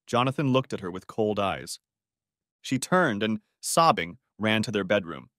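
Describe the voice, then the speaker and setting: A man narrating a dramatic audiobook story in an expressive voice, close to the microphone. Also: lowish voice, unhurried, no room sound.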